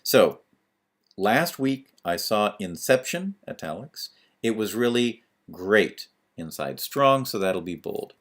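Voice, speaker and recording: A man's voice: lowish voice, animated, slow, a bit bright. A man teaching a screencast lesson on web pages, talking through each step as he types, with fillers. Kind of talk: screencast tutorial.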